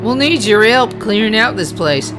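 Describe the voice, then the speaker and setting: Creepy twin caretaker: high, sing-song, too sweet, done by a gamer. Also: lively intonation, normal speed, music in the background, lightly acted. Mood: chirpy. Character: eccentric sinister male twin caretaker.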